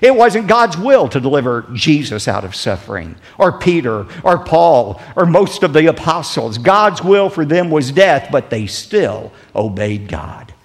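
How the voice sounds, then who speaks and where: A pastor delivering a sermon with dramatic swings in loudness and emphasis. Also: male voice, sing-song, measured pace, few pauses, big-room sound. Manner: dramatic preaching with big swings in pitch and volume.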